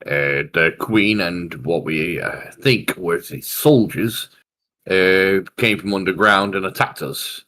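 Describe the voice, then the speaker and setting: A man playing a tabletop game, explaining things in a deliberate, measured way. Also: deep voice, pushed and bright. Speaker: player. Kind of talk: casual tabletop play.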